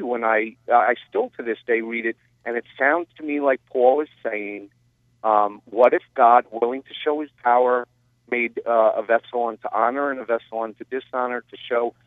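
Man, radio caller, mid pitch, hesitant, tinny phone line. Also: normal speed, no echo. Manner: hesitant, self-correcting. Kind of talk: radio call-in talk.

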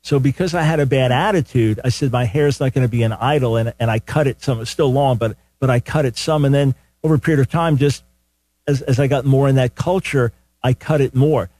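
A man's voice: mid-range voice, brisk, darkish tone, no room sound. An older man hosting a call-in radio show, teaching from the Bible in an earnest, conversational way and often repeating words as he starts a sentence. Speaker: radio talk show host. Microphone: studio microphone.

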